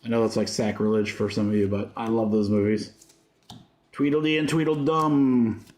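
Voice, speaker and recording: A man's voice: on the low side, steady tone, moderate pace, a little mellow. Chatty man calling out cards, echoey room. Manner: rattles off card names, chatty asides to viewers. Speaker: trading card break host. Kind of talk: casual livestream commentary while opening packs.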